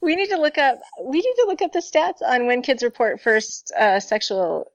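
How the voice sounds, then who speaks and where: A woman's voice: fairly high pitch, sing-song, normal speed, no echo, highs cut off. A woman co-hosting a podcast, blunt and sarcastic in casual chat.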